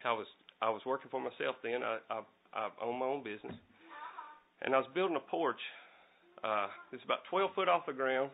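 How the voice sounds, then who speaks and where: A man's voice: medium pitch, fairly quick, gravelly, a little hiss or hum. A middle-aged man preaching a folksy storytelling sermon, repeating and restarting his words. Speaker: lay preacher. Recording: tinny phone-like recording.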